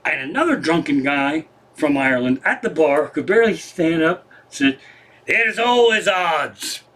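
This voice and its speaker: Man from Pennsylvania, comedian, livestream from home, profane casual storytelling, a bit high voice, excitable. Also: moderate pace. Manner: swears constantly, excitable, animated retelling. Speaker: comedian hosting his livestream show. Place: home living room.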